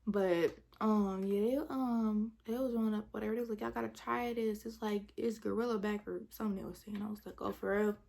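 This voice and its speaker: A woman's voice: mid-range voice, steady tone, a little fast, gravelly, hardly any pauses, darkish tone. A young woman, telling a storytime in casual chat, retelling with dramatic quotes and whispered asides. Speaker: vlogger.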